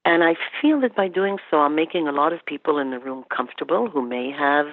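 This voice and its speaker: Animated woman on a tinny line. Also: low-pitched, brisk, no room sound. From Canada. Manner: animated storytelling, quoting herself and clients. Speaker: guest expert on workplace incivility. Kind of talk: podcast interview. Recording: tinny phone-like line, dry.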